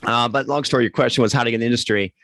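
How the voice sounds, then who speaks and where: A man's voice: medium pitch, fairly even intonation, rapid-fire, a bit bright, dry recording, clean studio sound. A man in his forties from Pennsylvania, a financial advisor telling his career story in a rambling, conversational way as an interview guest. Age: 40s. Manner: rambling, conversational, with self-corrections.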